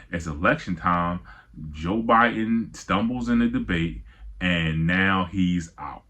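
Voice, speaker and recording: A middle-aged man gives his opinions in a loose, emphatic way, circling back and restarting his sentences. His voice sits a little low and has a husky, breathy edge. He delivers it as casual commentary straight to camera. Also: fairly bright tone. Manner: conversational, repetitive, emphatic with frequent restarts.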